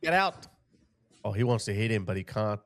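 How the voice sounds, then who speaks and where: A man's voice: on the low side, fairly even intonation, fast, darkish tone. A man in his thirties hosting a reaction commentary, talking in a mocking way and putting on the voices of the people he describes. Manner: mocking, puts on voices of others. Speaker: commentary host.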